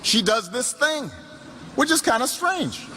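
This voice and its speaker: A middle-aged man tells a story in a campaign speech, repeating phrases for emphasis and restarting sentences as he goes. His voice sits rather high for a man. It rings out with long reverb in a large hall, and noise runs underneath. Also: big pitch swings, measured pace. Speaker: political speaker.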